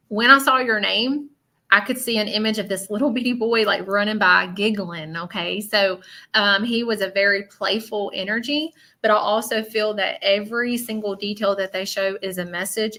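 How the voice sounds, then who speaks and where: Bright-voiced Southern woman giving a reading. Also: medium pitch, creaky. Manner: chatty, blunt, with many fillers. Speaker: spiritual medium. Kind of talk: live-stream psychic reading.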